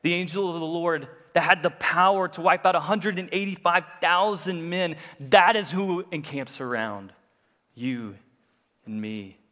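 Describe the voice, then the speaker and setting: A man's voice: fairly high pitch, a little slow, a bit bright. Young man preaching in a reverberant hall. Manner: conversational, many fillers and restarts. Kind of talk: sermon with personal story.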